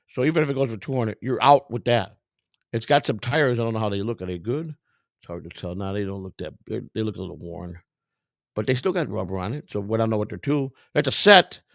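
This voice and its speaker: A man's voice: mid-range voice, no room sound, clean studio sound. A middle-aged man hosting a vlog, giving casual, rambling, profane commentary in a streetwise way. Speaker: vlog host browsing storage auctions.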